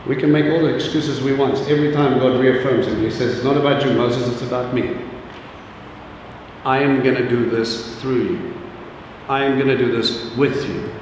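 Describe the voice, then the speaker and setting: A man's voice: medium pitch, fairly even intonation, normal speed, slight background noise. A man preaching an informal sermon to a congregation, chatty and joking, often putting questions directly to the audience. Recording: echoey hall, distant mic, faint ambience.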